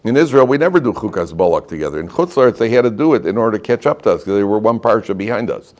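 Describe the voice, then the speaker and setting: A rabbi with a lower voice speaks in rapid-fire bursts during an informal classroom Torah lesson. Animated and joking, he repeatedly puts questions to the students.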